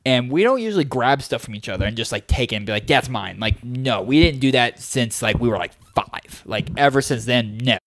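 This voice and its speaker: A man's voice: medium pitch, lively intonation, brisk, few pauses, fairly bright tone, no echo. A young man rambles through a story on his podcast, leaning on "like" and "dude" in easy casual chat. His voice sits mid-range and sounds dry and close. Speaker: podcast co-host.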